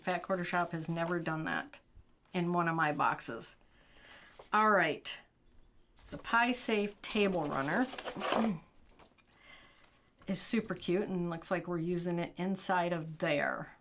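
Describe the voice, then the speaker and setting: A middle-aged woman hosting a casual quilting unboxing, chatting and thinking out loud, with stretches where she reads product blurbs aloud. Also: on the low side. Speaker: quilting channel host.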